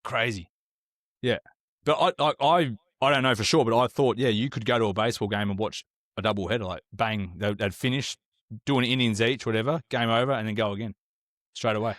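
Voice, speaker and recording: A man's voice: mid-range voice, a little fast, fairly bright tone, no room sound, studio quality. An Australian man co-hosting a podcast, telling stories in laid-back casual chat and swearing casually. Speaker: podcast co-host.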